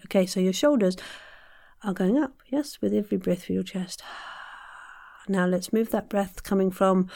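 A woman hosting a podcast, leading casual vocal warm-ups in a chatty, playful, self-deprecating way and counting breaths slowly as she coaches. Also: mid-range voice, gravelly. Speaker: podcast host leading voice exercises.

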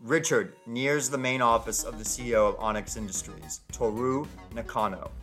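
Man reading out an audio story, plain even voice, quiet guitar music behind. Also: medium pitch, moderate pace. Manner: plain present-tense reading. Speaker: narrator. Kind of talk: amateur audio story narration.

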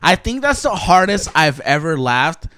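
A young man with a fairly high, smooth and resonant voice. His pitch swings widely as he chats on a podcast. He swears freely and laughs his way through his stories. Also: very animated, moderate pace, pushed and bright. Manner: profane, laughing storyteller. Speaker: podcast co-host. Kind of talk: casual chat, storytelling.

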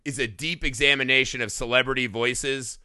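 A man hosting a podcast in casual banter, loud, joking and swearing freely. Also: mid-range voice, steady tone, brisk, clear, resonant tone, no room sound, clean studio sound. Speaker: podcast host.

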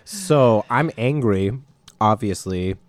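A man's voice: lowish voice, animated, takes it slowly, no room sound. A man chatting casually and telling a joking story, laughing often. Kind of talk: casual comedic chat.

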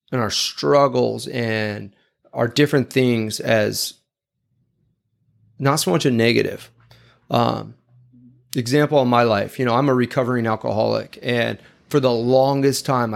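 A man delivers a heartfelt sermon-style talk in a gravelly, mid-pitched voice. He sounds earnest and confessional, reflecting openly as he speaks. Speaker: speaker giving a devotional talk.

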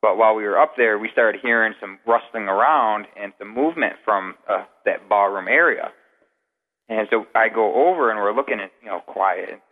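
A somewhat low-voiced man calls into a show as a guest investigator, telling long, rambling anecdotes at a moderate pace. The conversational, easygoing delivery suits a casual storytelling interview. His audio is narrow and phone-like, trailed by a long reverb.

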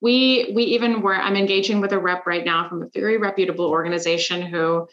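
A woman guest on a podcast, telling animated, emphatic stories about sales with exasperated asides. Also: fairly low pitch, quick pace, highs cut off. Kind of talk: casual interview chat.

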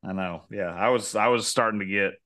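A man's voice: lowish voice, a little fast, a loud crowd. A man co-hosting a casual talk show, telling long rambling stories full of restarts and asides. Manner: rambling, self-interrupting storyteller. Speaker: podcast co-host. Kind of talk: casual chat.

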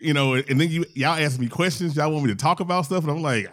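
A man co-hosting a podcast in casual chat, speaking haltingly with repeated words and short agreements. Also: fairly high pitch, fairly bright tone. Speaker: podcast co-host.

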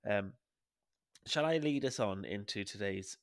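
A man's voice: on the low side, animated, measured pace, long pauses, a bit bright, no room sound, studio quality. A young adult Welsh man hosting a podcast in a casual, jokey, playful chat. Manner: playful, jokey, laughs often. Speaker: podcast host.

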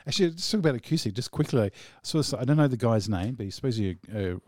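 A man's voice: medium pitch, animated, fast, darkish tone, no echo. Guy co-hosting a music show, rambly, lots of you know and like, dry close mic. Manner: rambling, full of "you know" and "like", laughs often. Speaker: radio show co-host. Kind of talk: casual chat between songs.

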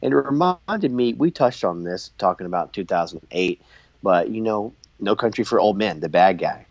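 A man with a very low voice talks through an old wrestling broadcast in a laid-back podcast chat. The sound is dry and a little dull and lo-fi, with no room behind him. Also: lively intonation, moderate pace, no echo. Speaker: podcast co-host. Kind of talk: casual wrestling commentary chat.

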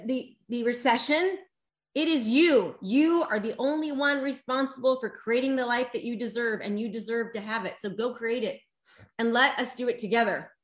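A woman's voice: high-pitched, fairly bright tone, roomy sound. A woman giving a live online motivational talk as a coach, emphatic and exhorting her viewers, tearful at times. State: emotional, tearful.

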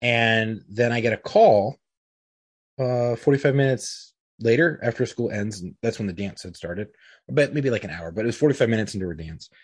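Brief: husky middle-aged man, loose profane storyteller, dry close sound. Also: fairly low pitch, moderate pace, no room sound. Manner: profane, rambling, uses lots of fillers. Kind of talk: casual storytelling among friends.

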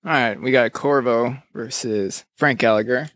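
A man's voice: medium pitch, unhurried, a bit bright, no echo. Casual male co-host, mid-range voice, rambling and offhand, dry close sound. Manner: loose, rambling storyteller, many fillers. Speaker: podcast co-host. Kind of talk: casual chat.

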